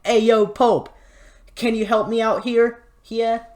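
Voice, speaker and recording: A man's voice: very high voice, flat delivery, slow, darkish tone, pitched above the performer's own voice. A man voicing a pleading male emperor, faking a bad New York accent. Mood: wheedling. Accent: New York, put on badly.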